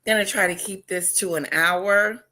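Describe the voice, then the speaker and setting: A woman hosting a casual livestream chat, talking loudly and excitedly and greeting viewers by name. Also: medium pitch, normal speed. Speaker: livestream host.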